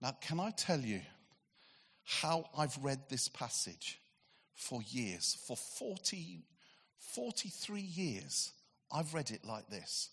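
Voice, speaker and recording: A man preaching a sermon, telling a Bible story with animated delivery and acted-out voices, swinging from excited to hushed. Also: medium pitch, takes it slowly, husky. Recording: long hall reverb.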